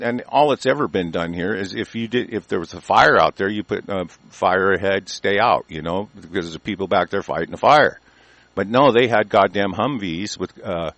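A man's voice: fairly low pitch, a bit bright, dry recording. A middle-aged man calling in to a talk show, ranting in a heated, profane, rambling way with many restarts. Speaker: caller. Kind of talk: angry call-in rant. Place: rural mountain area.

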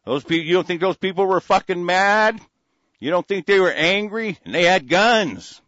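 A man delivers a furious, profane rant, his voice sitting a little high and stumbling over restarts. The sound is dull and muffled with no room echo. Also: expressive, normal speed, a bit bright. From United States. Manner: angry, profane, repetitive with frequent restarts. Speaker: political commentator. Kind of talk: ranting monologue to an audience.

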